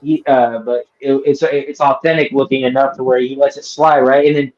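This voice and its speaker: A man's voice: medium pitch, flat delivery, moderate pace, a little mellow. A man hosting a casual movie review chat, rambling and swearing with lots of fillers and restarts. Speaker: host. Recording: dull lo-fi sound.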